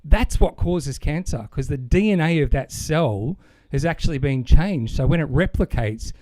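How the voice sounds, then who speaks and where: Australian guy cohosting a podcast, chats and explains with lots of enthusiasm, bit high-pitched, dry sound. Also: expressive, normal speed, a little mellow, no echo. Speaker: podcast co-host. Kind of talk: casual chat.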